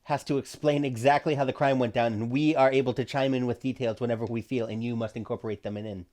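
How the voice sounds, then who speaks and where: A man's voice: mid-range voice, fairly even intonation, quick pace, a little mellow. A man on a comedy podcast, playfully running an improv game in a mock-formal way. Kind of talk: casual comedic improv chat.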